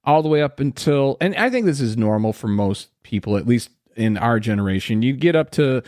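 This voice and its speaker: A man hosts a podcast in loose, crude, joking banter. His voice sits at a middling pitch. The sound is dry and close, with no room echo. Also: lively intonation, brisk, a little mellow. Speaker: podcast host. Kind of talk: casual chat.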